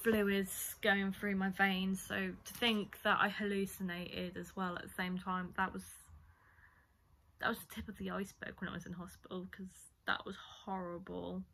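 A woman's voice: medium pitch, little pitch movement, normal speed, a bit bright. A young woman, casually telling a story-time vlog, chatty and rambling with lots of fillers. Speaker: vlogger.

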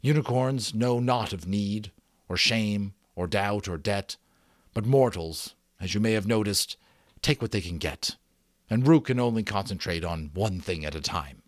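A man's voice: lowish voice, measured pace, no room sound, clean studio sound, close to an everyday voice. A man voicing a weary, self-doubting male magician who is bitter yet kind, talking in a mournful, theatrical way. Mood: wondering. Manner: mournful, theatrical, with flares of sputtering rage.

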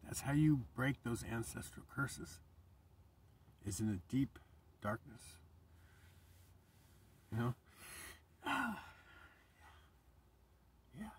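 Emotional male vlogger, rambling, sighs, near-whispers; mid pitch, set back from the mic. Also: slow, long pauses, a little mellow, recorded from a distance, a little hiss or hum. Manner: choked up, rambling, sighing, drops to whispers. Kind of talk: emotional spiritual monologue.

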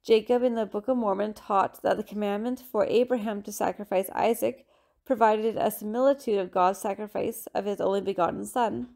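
A woman giving a steady, measured scripted reading for a scripture study lesson. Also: mid-range voice, gravelly.

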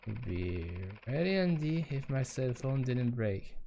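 Slow-talking French-accented man streaming a game. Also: medium pitch, very animated, creaky, mellow, a little hiss or hum. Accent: Quebec French. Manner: reads game text aloud with musing asides. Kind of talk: live game commentary.

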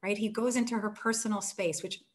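An author, a woman, retelling an old tale with animated storytelling and acted-out quotes. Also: medium pitch, fairly quick. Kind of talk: book talk, retelling a story.

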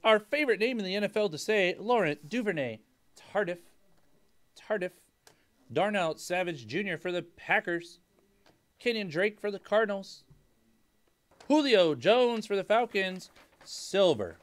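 A young man hosting a casual live-stream card break, hyping each card with loud call-outs of player names. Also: high voice, animated, measured pace, long pauses.

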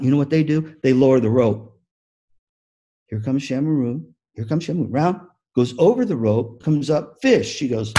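Animated husky man giving a motivational talk. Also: mid-range voice, normal speed, dull audio. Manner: animated storyteller, acts out the story. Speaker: music education speaker.

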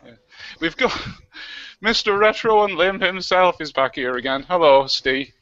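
A man hosting a live web show in an excitable, flustered, joking way, talking over a webcam on a video call. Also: sits high, unhurried, dry recording, highs cut off.

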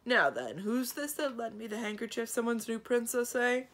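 A woman voicing an old, hard-of-hearing male dragon who sneezes and blusters, speaking slowly and loudly. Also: on the high side, expressive, voice pushed up. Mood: blustery.

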